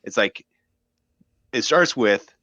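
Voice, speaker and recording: A man with a fairly low voice muses and hedges in a relaxed chat, leaning on "like" as he thinks aloud. The sound is dull and slightly muffled, dry with no room around it. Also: slow pace, no echo. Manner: thoughtful, hedging, many "like" fillers. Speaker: radio host, podcast guest. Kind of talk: casual conversation.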